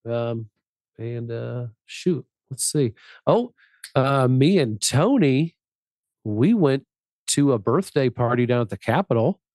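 A man's voice: mid-range voice, expressive, slow, darkish tone, dry recording, studio quality. Laughing, rambling podcast guy. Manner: rambling, many fillers, laughs often. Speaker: podcast co-host. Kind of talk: casual chat.

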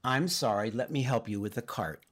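An older woman apologizes kindly, as a male preacher quotes her. The quote stays close to his own voice, only a little higher, in the middle of an earnest sermon story. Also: moderate pace, close to an everyday voice. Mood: apologetic.

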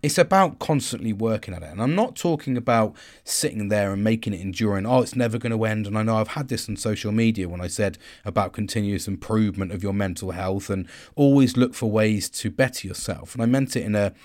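A man's voice: on the low side, fairly quick, hardly any pauses, darkish tone. A man speaking in a reflective monologue, rambling with frequent restarts and asides. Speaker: host.

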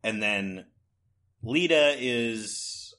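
A man's voice: medium pitch, expressive, drawn-out words, bright, forceful tone. A man co-hosting a casual podcast chat about comics, loose and conversational with many fillers. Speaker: podcast co-host. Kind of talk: casual comic book discussion.

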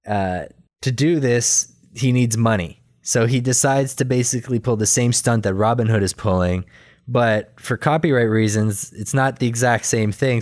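A man in casual chat, retelling a cartoon episode in a rambling, animated way with quick quoted voices and laughter. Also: mid-range voice. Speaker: podcast co-host recapping a cartoon episode.

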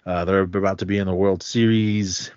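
A man's voice: low voice, fairly even intonation, normal speed, a little mellow, clear, resonant tone, dry recording, lo-fi sound. A man from Oakland, California, co-hosting a podcast and chatting casually and enthusiastically about a film. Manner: rambling, enthusiastic, laughs often. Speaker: podcast co-host. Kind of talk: casual movie review chat.

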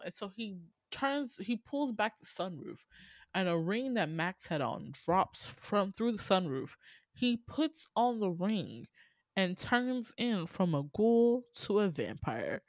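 A woman's voice: mid-range voice, a little slow, dry recording, clean studio sound. A young woman hosting a casual movie talk, retelling scenes with lots of laughter and playful character voices. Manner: animated storytelling, laughing, voicing characters. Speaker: podcast host.

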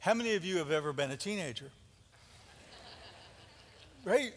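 A fairly high-voiced man preaches with animated, dramatic energy, stumbling and repeating words as he builds his points. His voice rings through a church hall with a long, trailing reverb. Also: normal speed, a little hiss or hum. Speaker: pastor. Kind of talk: sermon.

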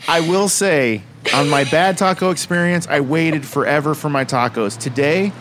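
A man's voice: on the high side, normal speed, background noise. Playful man hosting a podcast. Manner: playful, joking. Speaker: podcast host. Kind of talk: casual chat.

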